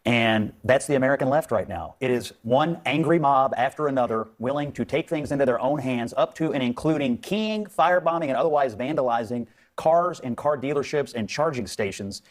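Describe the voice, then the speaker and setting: A man on a televised panel debate, arguing forcefully and talking over others. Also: medium pitch, brisk, few pauses. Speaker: panel commentator.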